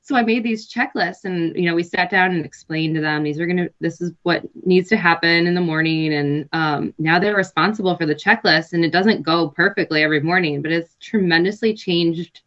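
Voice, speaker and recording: A woman in her thirties, a nurse and health coach, chatting relaxed in an interview, laughing often and pausing to think. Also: lowish voice, muffled recording. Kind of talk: casual interview chat.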